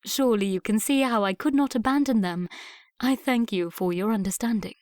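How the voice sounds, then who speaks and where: A woman's voice: a little high, a little fast, a little mellow, no room sound, close to an everyday voice. Woman reading a firm, outspoken young lady, dry close mic. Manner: firm, plain-spoken. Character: young English lady, frank and spirited dressmaker.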